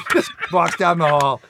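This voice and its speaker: A middle-aged man on a comedy podcast, talking in a slightly high, very lively voice. He rambles and swears through self-mocking anecdotes in loose, casual chat. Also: gravelly, heavy background noise. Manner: animated, swearing, rambling storyteller. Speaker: podcast co-host.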